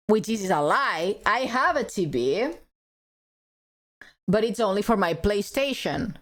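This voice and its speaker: A woman's voice: mid-range voice, big pitch swings, a little slow, long pauses, fairly bright tone. A woman streamer chatting casually on a desk mic, telling a story, laughing often and dropping in Japanese words.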